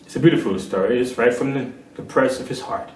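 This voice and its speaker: A man's voice: mid-range voice, fast talker, slight background noise. A man preaching a sermon, telling a parable and rising to emphatic peaks. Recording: echoey room, far from mic.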